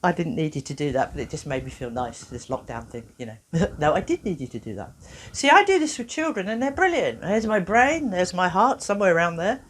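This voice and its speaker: A woman, a therapist giving a playful, expressive workshop talk with self-mocking humor. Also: on the low side, a little fast, slight background noise.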